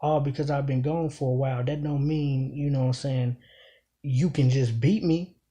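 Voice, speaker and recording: A man talking casually through a battle rap, repeating each bar and pressing its meaning home. His voice is mellow and warm, with an ordinary mid pitch. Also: fairly even intonation, normal speed. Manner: emphatic, repeats lines while explaining. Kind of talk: casual breakdown commentary.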